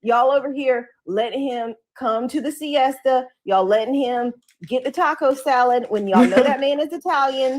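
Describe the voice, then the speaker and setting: A woman co-hosting a live-stream chat, telling stories in a sassy, slangy, animated way. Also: high-pitched, normal speed, hardly any pauses.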